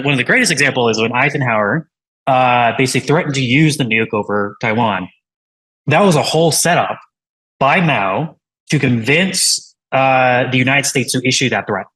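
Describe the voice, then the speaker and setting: A man's voice: medium pitch, bright, forceful tone, low-quality recording. A man, a tech founder and interview guest, talking casually in a rambling way with many fillers and restarts.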